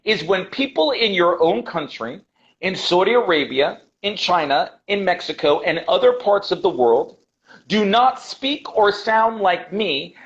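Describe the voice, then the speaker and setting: An American man with a high voice speaks emphatically as a guest on a video call, pressing his points and repeating them for weight. He is an English teacher who calls his host brother. The audio is dull and lo-fi, as call audio often is. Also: lively intonation, measured pace. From United States. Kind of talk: passionate interview talk.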